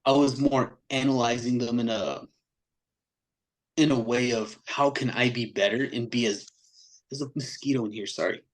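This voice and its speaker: A man's voice: medium pitch, normal speed, poor audio. Slangy man telling a story. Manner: animated, slangy, acts out quotes in other voices. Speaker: metal band vocalist, podcast guest. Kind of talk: casual storytelling chat.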